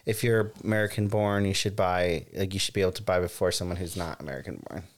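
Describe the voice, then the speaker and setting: A man's voice: sits low, fairly even intonation, fast. A man co-hosting a podcast, giggly and playful in casual chat. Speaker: podcast co-host.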